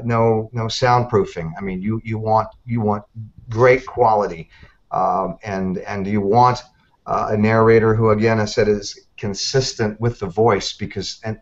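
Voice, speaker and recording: A man's voice: on the low side, highs cut off. A man who is an audiobook narrator, talking in a casual interview with many hesitations and restarts.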